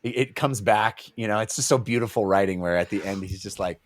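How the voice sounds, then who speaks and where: Animated man chatting about a book. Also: on the low side, a little fast. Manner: animated, acts out characters' lines in goofy voices. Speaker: podcast co-host. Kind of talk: casual book discussion.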